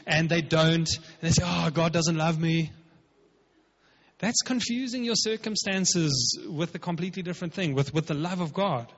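A man's voice: fairly high pitch, normal speed, hardly any pauses, a bit bright. A man preaching a sermon as pastor, emphatic and conversational, acting out quotes. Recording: dull, lo-fi with long hall reverb.

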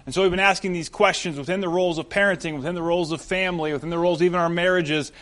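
A man preaching a sermon as pastor, in a conversational, animated storytelling manner. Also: sits high, rapid-fire.

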